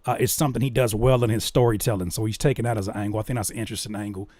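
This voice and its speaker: A man hosting a casual reaction commentary, talking in an animated, incredulous way that jumps high when he is baffled. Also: rapid-fire, no room sound. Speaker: reaction video host.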